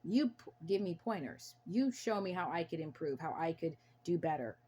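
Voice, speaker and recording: A woman's voice: on the low side, animated, normal speed, warm tone, breathy edge. A young American woman talking to camera on her own channel, earnest and emphatic, often repeating herself for emphasis. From United States. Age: young adult. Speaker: channel host. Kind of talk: casual to-camera talk.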